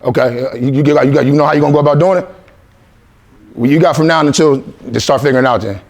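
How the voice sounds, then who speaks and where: A man's voice: mid-range voice, fast. A man in his forties from Columbus, Ohio, giving a motivational talk to young athletes, coaxing and repetitive with call-and-response lines. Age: 40s. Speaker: motivational speaker.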